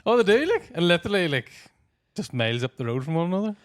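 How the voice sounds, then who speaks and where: A man with a Tyrone-Fermanagh Northern Irish accent hosting a podcast as a comedian, sweary and quick to laugh. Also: sits high, very animated, no room sound, clean studio sound. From Northern Ireland (Tyrone and Fermanagh). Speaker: podcast host, stand-up comedian. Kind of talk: casual podcast banter.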